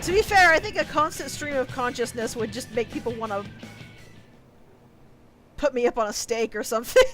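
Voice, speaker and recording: A woman's voice: on the high side, brisk, long pauses, fairly bright tone. A woman giving casual let's-play commentary, thinking aloud and often saying "like". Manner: thinks aloud, chatty, frequent "like". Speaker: gaming streamer. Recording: game music playing behind.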